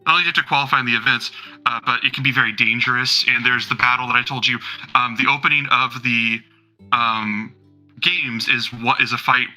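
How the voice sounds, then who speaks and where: A man's voice: mid-range voice, steady tone, fairly quick, bright, forceful tone, faint music behind, poor audio. A man narrating as game master of a tabletop role-playing game, rambling casually with many fillers and the odd swear.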